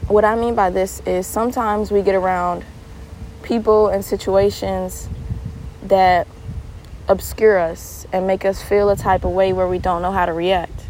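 A young adult woman hosting a podcast alone, telling stories with animated laughter and turning earnest when giving advice. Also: mid-range voice, a little slow, slight background noise, rough recording. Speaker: podcast host. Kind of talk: casual solo monologue.

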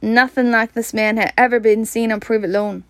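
A woman reading a storybook aloud, halting and rereading words she stumbles on. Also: on the high side, fairly even intonation, no echo, clean studio sound.

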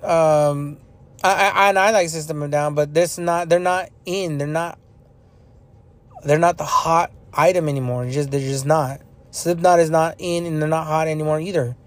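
A man's voice: fairly high pitch, fairly even intonation, moderate pace. A young man hosting a podcast, talking in a blunt, profane, repetitive ranting manner about music. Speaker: podcast host. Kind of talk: casual opinion monologue.

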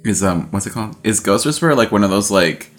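A young man chats on a podcast in a rambling, easygoing way. His voice sits low but moves about with lively ups and downs, and he keeps slipping into silly voices to act out quotes. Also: quick pace, soft background music. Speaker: podcast co-host. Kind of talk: casual chat.

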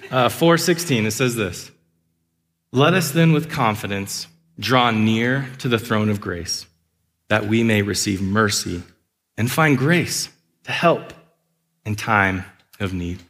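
Pastor preaching in a reverberant hall. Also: male voice, on the low side, fairly bright tone. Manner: earnest, with acted asides and laughs. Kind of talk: sermon. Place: church sanctuary. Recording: long reverb of a large hall.

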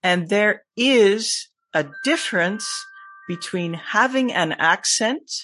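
A podcast guest and teacher with a mostly American accent that has a Scottish tinge, talking in a casual, emphatic way with lively asides. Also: medium pitch, slow, slight background noise. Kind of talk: casual conversation.

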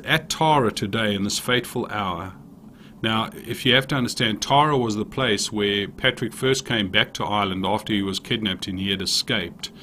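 Earnest low-voiced man preaching. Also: a bit bright, slight background noise. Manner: earnest, with frequent restarts and repeated words. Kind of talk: sermon with storytelling and read prayers.

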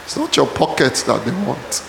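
A man preaching a sermon in a church, often shouting calls to the congregation. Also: medium pitch, huge pitch swings, normal speed, gravelly, a little hiss or hum. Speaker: pastor. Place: church hall. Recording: echoey church hall.

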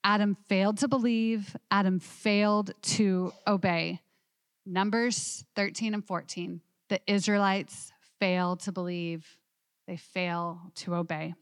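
A woman teaching a women's Bible study class, animated and asking her listeners questions. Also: mid-range voice, takes it slowly, clear, resonant tone, dry recording, studio quality.

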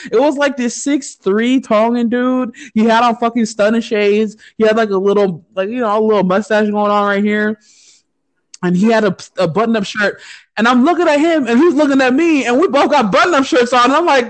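A woman's voice: mid-range voice, a little fast. A woman from the United States co-hosting a podcast, telling a story in casual chat, profane and often laughing. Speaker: podcast co-host.

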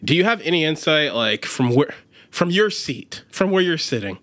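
An animated man co-hosting a casual chat, piling up restarts as he asks long questions. His pitch runs fairly high and moves a lot. He talks with loose, excited energy. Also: normal speed.

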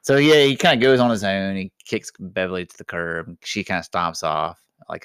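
Chatty low-voiced man recapping a movie. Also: lively intonation, fairly bright tone, clear, resonant tone, dry recording, clean studio sound. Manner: chatty, recaps plot with quick put-on quotes and frequent laughs. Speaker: podcast co-host. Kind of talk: casual movie chat.

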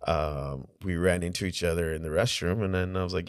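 A man's voice: sits low, steady tone, brisk, no echo, studio quality. A man co-hosting a casual podcast, telling a story in a laid-back way with lots of fillers and swearing. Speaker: podcast co-host.

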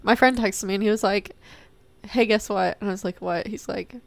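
A woman's voice: medium pitch, fast talker, no room sound. A young woman co-hosting a podcast, telling stories playfully with frequent laughs. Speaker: podcast co-host. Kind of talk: casual chat.

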